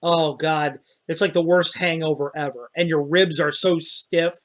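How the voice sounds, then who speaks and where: Dm guy narrating a table game, bit high voice, laid back, lots of ums. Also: normal speed. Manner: relaxed, descriptive, hesitant fillers. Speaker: dungeon master.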